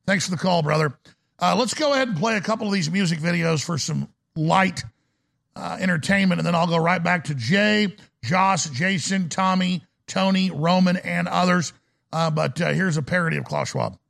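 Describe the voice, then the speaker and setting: A man's voice: high-pitched, moderate pace, gravelly, fairly bright tone. A male talk radio host ranting through a call-in show, often stumbling and restarting words.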